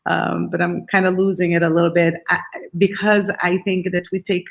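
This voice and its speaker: A woman's voice: lowish voice, flat delivery, moderate pace, creaky. A woman hosting an interview, speaking in an emotional, heartfelt way. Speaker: host. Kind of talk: interview talk.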